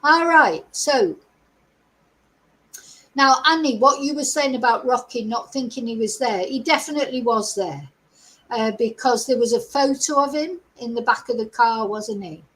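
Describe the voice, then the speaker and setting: A woman's voice: fairly high pitch, moderate pace, fairly bright tone, rough recording. A middle-aged woman, hosting a chatty live-stream commentary, reading out news and asking her viewers rhetorical questions. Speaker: host.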